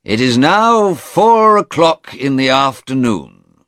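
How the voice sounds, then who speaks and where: A man's voice: medium pitch, very animated, slow, fairly bright tone, smooth, dry recording, clean studio sound, voice pushed up. A man voicing a formal judge in an audiobook, announcing in a raised voice. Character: formal male judge, authoritative.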